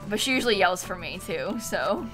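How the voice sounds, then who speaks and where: A woman's voice: mid-range voice, animated, a little fast. A young woman streaming a game, chatting casually and giggling with her viewers, with music playing behind her. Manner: chatty, giggly, talks to her cat in a sing-song voice. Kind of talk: casual live-stream chat.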